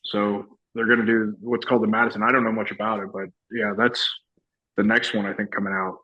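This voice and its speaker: A man's voice: on the low side, level tone, brisk, muffled recording. A middle-aged man, chatting as a guest in a casual interview and rambling through stories with lots of restarts and laughs. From Texas. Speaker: guest, actor and retired soldier.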